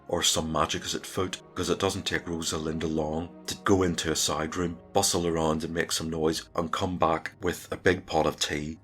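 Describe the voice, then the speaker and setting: Deep-voiced man narrating a tabletop game. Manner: relaxed, conversational storytelling.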